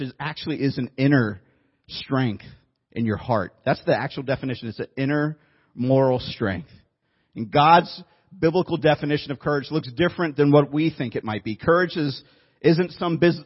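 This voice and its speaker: A man's voice: medium pitch, husky, lo-fi sound. A man preaching a sermon to a congregation, telling a story in a conversational way and joking with the room. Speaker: pastor. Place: church room before a congregation.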